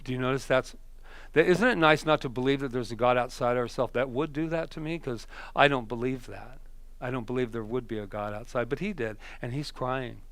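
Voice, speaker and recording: A male minister giving a conversational sermon, telling stories that swing from emphatic to hushed. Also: mid-range voice, fairly quick, no room sound.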